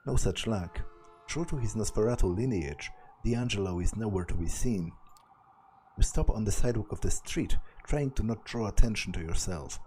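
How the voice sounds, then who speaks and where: A man's voice: on the low side, expressive, normal speed, mellow, slight background noise. A young man reading a visual novel aloud and commenting as he goes, thinking aloud with hesitant restarts. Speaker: let's play narrator.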